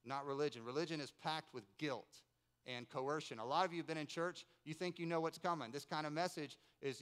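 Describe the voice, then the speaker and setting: A man's voice: fairly high pitch, brisk, clear, resonant tone. A man in his forties from North Carolina, preaching a sermon and telling stories with playful asides. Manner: storytelling, animated, playful asides. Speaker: pastor. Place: church service in a rented building.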